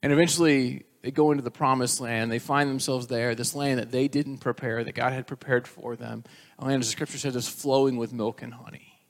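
A man preaching a sermon, retelling scripture as a lively story and acting out the quoted voices. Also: medium pitch, fairly quick. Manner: storytelling, acts out quoted voices with rising energy. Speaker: pastor.

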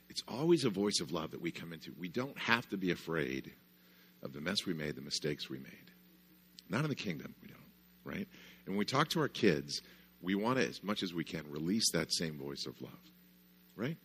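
A man's voice: low-pitched, sing-song, brisk, a bit bright, husky. A man giving a conversational parenting talk at a church conference, often checking in with "right?". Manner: conversational, lots of "right?" asides. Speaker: conference speaker.

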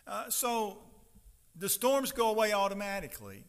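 A fairly high, bright and forceful male voice preaching from the pulpit. He moves from easy storytelling to loud, emphatic scripture reading. The sound carries a long church reverb. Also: lively intonation, moderate pace, smooth. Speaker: pastor. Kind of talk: sermon. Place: church sanctuary.

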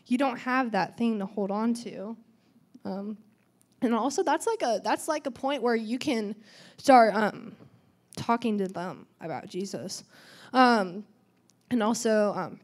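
A teenage girl giving a church testimony in a chatty way, full of "um" and "like," acting out quoted dialogue. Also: medium pitch. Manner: chatty, lots of "um" and "like", acts out quotes. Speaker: youth testimony speaker.

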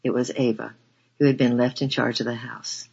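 A man narrates a first-person memoir in a measured, earnest voice. His tone is gravelly and husky, sitting mid-range, and the recording is dull and lo-fi. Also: medium pitch, flat delivery, a little mellow. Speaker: audiobook narrator.

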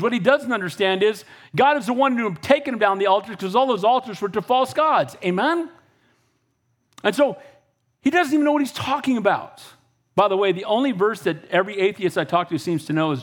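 High-voiced, blunt, conversational preacher. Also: male voice. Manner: energetic and conversational, often asks "Amen?" and blunt asides. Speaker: pastor. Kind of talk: sermon.

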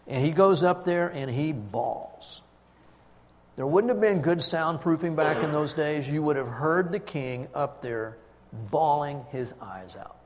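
A man preaching a sermon, telling the story with emphatic swings in loudness. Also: a little high.

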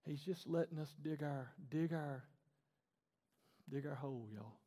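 Man, pastor, sermon, animated, repetitive emphasis, long reverb. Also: on the high side, a little slow. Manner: animated, conversational, repeating phrases for emphasis. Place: church auditorium stage. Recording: long reverb in a large hall.

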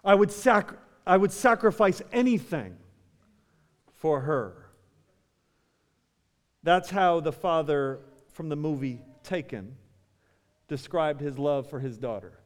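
A man preaching a sermon to his church, building to fervent peaks and calling out to the congregation. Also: mid-range voice. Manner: rising to fervent climaxes, addresses the church directly. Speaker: pastor. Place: church sanctuary. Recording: long hall reverb.

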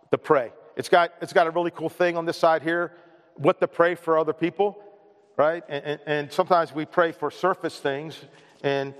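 A man preaching in a church sanctuary, his slightly higher voice carrying a long reverb from the hall. He talks in a loose, chatty way and restarts his phrases with repeated words. It sounds like a friendly sermon to a familiar congregation. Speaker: pastor. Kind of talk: casual conversational sermon.

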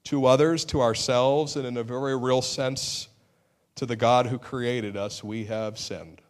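A man's voice: medium pitch, steady tone, a little slow. Male pastor, middle-aged, earnest sermon delivery that bursts out emphatically, wry about himself. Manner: earnest, with sudden emphatic outbursts and self-deprecating humor.

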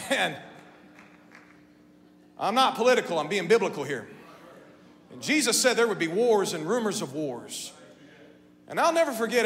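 A man preaching a sermon to his congregation, going from quiet, conversational talk up to shouting. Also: on the high side. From Midwestern United States. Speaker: pastor. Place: church sanctuary. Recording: long hall reverb, faint hum.

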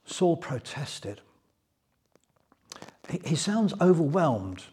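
A man gives a Bible teaching sermon, retelling the story with lively, chatty asides. His voice sits fairly high, but the tone is dark and mellow with a husky grain. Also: drawn-out words. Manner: lively storytelling, paraphrasing scripture. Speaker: preacher.

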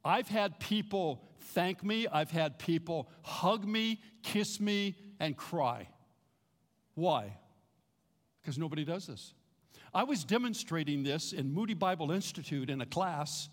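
A man's voice: on the high side, takes it slowly. A man preaching a sermon, telling stories with animation and leading the congregation to repeat greetings after him. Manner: animated storytelling, leads the congregation in repeating phrases. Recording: reverberant hall.

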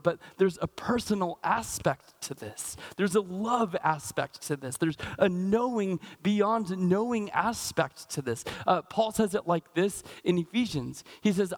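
An American man delivering a relaxed sermon from the pulpit. His voice sits a little higher than most men's. He talks informally, full of fillers and restarts, and draws out the scripture passages slowly. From Pacific Northwest, United States. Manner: slows down and stretches out scripture readings. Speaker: pastor. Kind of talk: conversational sermon.

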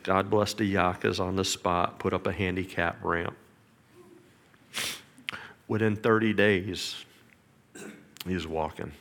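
Gravelly-voiced man telling an emotional testimony. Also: deep voice, fairly even intonation, slow, pauses often. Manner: earnest, emotional storytelling with quiet whispered prayers. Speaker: father giving a testimony.

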